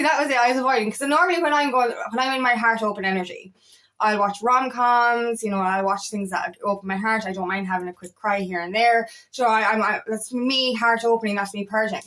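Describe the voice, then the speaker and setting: With a slightly high, fairly bright voice, this empowerment coach delivers a casual pep talk to camera. Her style is chatty and forceful, with repeated phrases and the odd curse.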